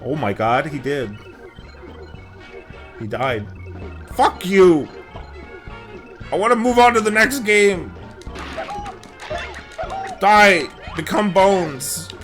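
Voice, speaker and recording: A young man streaming a game live, cursing and yelling at it between quieter chat with viewers. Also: fairly high pitch, takes it slowly, pauses often, music in the background. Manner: profane, yelling at the game, lively swings. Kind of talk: live gameplay commentary.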